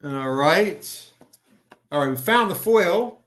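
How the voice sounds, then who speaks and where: A man with a fairly high voice runs a casual live stream, greeting viewers by name and pushing comic editions with chatty enthusiasm. He sounds a little tired, as if still recovering, but keeps the pitch upbeat. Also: lively intonation, slow pace, fairly bright tone. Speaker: livestream host selling comics.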